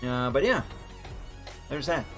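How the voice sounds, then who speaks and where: A young man with a foreign accent, chatting casually and rambling while he streams a driving game, over loud background music. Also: medium pitch, expressive, takes it slowly. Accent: foreign accent in English. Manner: chatty, rambling, self-correcting. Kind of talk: casual live-stream chat while playing. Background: lofi music and truck engine.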